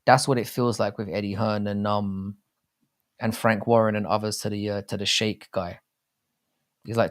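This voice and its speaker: A British man talks through a live stream, his voice sitting a little low. He rambles loosely and swears freely, in a chatty, off-the-cuff way. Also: fairly even intonation, moderate pace. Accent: British English. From Britain. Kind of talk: casual live chat.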